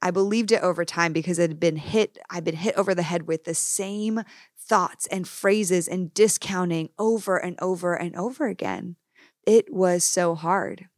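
A woman's voice: on the low side, normal speed, no echo, studio quality. A young woman hosting a solo podcast, speaking earnestly and emphatically, addressing her listeners directly. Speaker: podcast host. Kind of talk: candid solo podcast talk.

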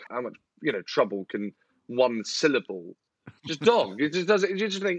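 A man telling comic stories on a podcast, animated and exasperated. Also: mid-range voice, normal speed, husky, no room sound, dull audio. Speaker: comedian guest.

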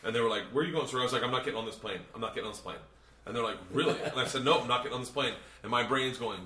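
A quick, bright-voiced man spins a profane, rambling story in a casual chat among fellow comedians. He sounds like he is in a hotel room with a lot of echo around him. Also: mid-range voice. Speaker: podcast host. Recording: echoey room.

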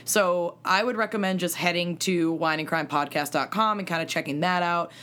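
A woman co-hosting a podcast with friends, quick to laugh and throw in exaggerated jokes. Her voice sits a little low for a woman. She slips easily into reading an ad. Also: a bit bright. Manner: laughing, jokey, exaggerated asides. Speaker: podcast co-host. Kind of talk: casual chat and ad read.

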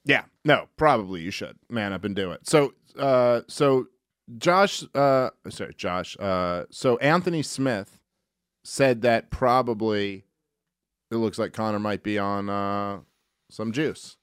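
A man's voice: on the low side, slow, smooth, no echo, clean studio sound. A man co-hosting a podcast in casual chat, laid-back and teasing dryly. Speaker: podcast co-host.

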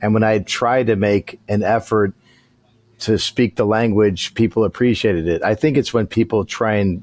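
A man joins a podcast chat and speaks calmly and earnestly. His voice is on the low side. The sound is dry and close. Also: moderate pace, no echo.

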